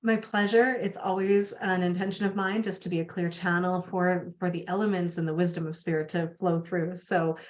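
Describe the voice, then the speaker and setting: A woman with a fairly low voice, a guest on a video call, talking about healing in a calm, flowing, spiritual way. The audio is dull and lo-fi. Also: normal speed, hardly any pauses. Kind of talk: casual interview chat.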